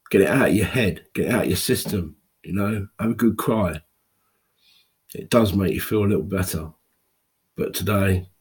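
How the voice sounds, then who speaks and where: A tearful man in his fifties speaking a raw, halting personal monologue to camera, with pauses and restarts. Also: fairly low pitch, breathy edge. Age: 50s. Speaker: video blogger.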